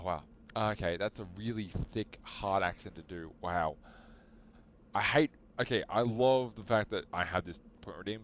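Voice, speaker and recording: A man's voice: deep voice, lo-fi sound, slight background noise. A man streaming live, chatting casually and muttering to himself as he searches for things.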